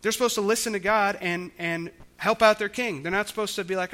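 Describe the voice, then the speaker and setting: Man, preaching casually, high-pitched voice, clear bright tone. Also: quick pace. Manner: conversational, explaining scripture with frequent restarts. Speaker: pastor. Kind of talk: sermon.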